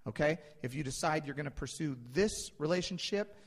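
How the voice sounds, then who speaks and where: A male pastor delivering a sermon, swinging between loud emphasis and hushed asides. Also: fairly high pitch, a little fast. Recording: long hall reverb.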